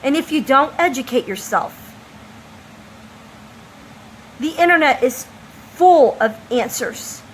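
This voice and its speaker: A woman's voice: high-pitched, animated, breathy edge, poor audio. A woman from the United States speaking an emphatic, impassioned opinion monologue as a vlogger. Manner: impassioned, emphatic, slow deliberate delivery.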